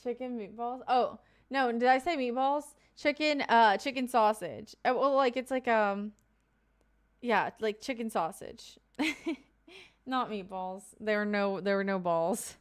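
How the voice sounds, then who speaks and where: A woman's voice: fairly high pitch, a little slow. A woman from Kentucky streaming live, chatting casually with her viewers and reading out their comments with loose asides and fillers.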